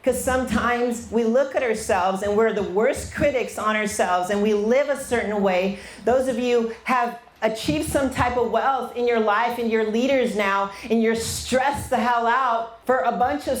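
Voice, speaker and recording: A woman business coach fires up a live audience with blunt, swear-laced motivation. Her voice sits a little high. The sound rings out in a large, echoey room. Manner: blunt, fiery, swears freely.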